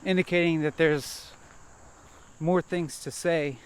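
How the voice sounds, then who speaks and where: A man vlogging as he walks a nature trail, thinking aloud in a halting, hesitant way and repeating words. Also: fairly high pitch, steady tone. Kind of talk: rambling self-reflective monologue while walking. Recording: faint outdoor noise.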